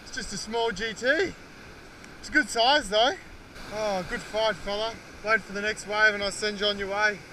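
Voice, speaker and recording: Excitable Australian man, high voice, surf noise. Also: moderate pace. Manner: excitable, exclaiming, chatty to viewers. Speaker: fishing vlogger. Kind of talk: outdoor fishing vlog commentary. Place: outdoors on a rock wall by the sea. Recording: loud wind and surf noise outdoors.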